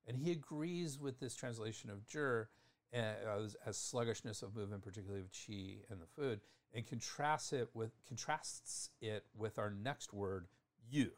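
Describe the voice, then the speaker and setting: A man's voice: fairly low pitch, moderate pace. A man teaching acupuncture terminology in a thoughtful lecture, often restarting phrases and spelling out terms.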